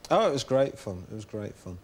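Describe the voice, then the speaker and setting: A man's voice: lowish voice, very animated, a little fast. A man being interviewed as a guest comedian on a chat show, giving dry, understated replies. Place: TV studio. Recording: hissy old TV tape.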